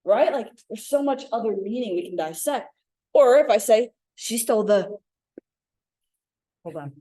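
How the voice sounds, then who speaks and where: A woman leading an interactive communication workshop for a live group, acting out example lines with lively emphasis. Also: a little high, moderate pace. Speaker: workshop facilitator. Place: room with live audience. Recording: echoey room.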